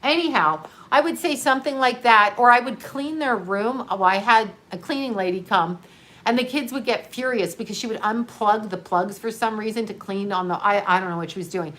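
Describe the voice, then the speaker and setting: A woman's voice: medium pitch, fairly quick, a bit bright. A middle-aged woman in a candid livestream monologue, blunt and profane, laughing often while grieving. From United States. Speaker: livestream host.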